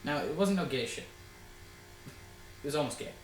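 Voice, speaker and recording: A young man hosting a casual storytelling chat, loud and laughing, swearing often and acting out quotes. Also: on the high side, expressive, normal speed, echoey room, soft background music, low-quality recording. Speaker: host.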